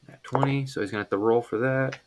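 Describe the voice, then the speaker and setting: A man at a middling pitch runs a tabletop game as game master. He narrates loosely, full of fillers and asides, and breaks off now and then to tally dice. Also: fast talker, background noise.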